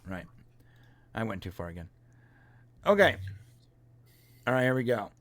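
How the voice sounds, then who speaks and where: Lively jokey man reviewing a show. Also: on the low side, a little slow, pauses often. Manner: jokey, acts out scenes in quoted voices, laughs often. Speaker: podcast co-host. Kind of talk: casual show review chat.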